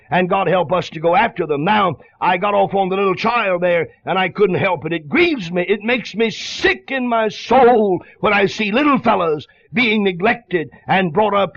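A man's voice: high-pitched, moderate pace, vocal fry, hardly any pauses, a bit bright, no echo. A man preaching an impassioned, pleading sermon, on a dull lo-fi radio broadcast.

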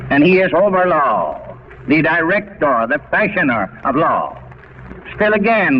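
Old radio preacher, deliberate and rhetorical. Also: male voice, a little high. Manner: deliberate, rhetorical, repeats for emphasis. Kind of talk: radio sermon. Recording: dull, faintly hissy old radio recording.

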